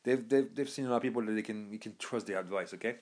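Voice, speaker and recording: A man's voice: fairly low pitch, fast, darkish tone. A young man from Birmingham talking casually as a podcast host, rambling with many fillers and restarts. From Birmingham, England. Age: young adult. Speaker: podcast host recommending books. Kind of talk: casual monologue.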